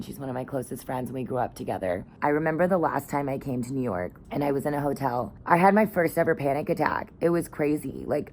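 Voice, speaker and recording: A woman's voice: sits low, a little mellow, slight background noise. A young woman vlogging in a casual, candid, chatty way, often laughing between sentences. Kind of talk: casual vlog chat.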